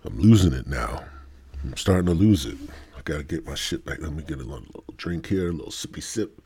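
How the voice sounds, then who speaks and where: A man's voice: extremely low pitch, expressive, fast, dark tone, breathy edge. A man hosting a solo podcast, rambling and swearing with a stoned, sore-throated manner. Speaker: podcast host. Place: home studio.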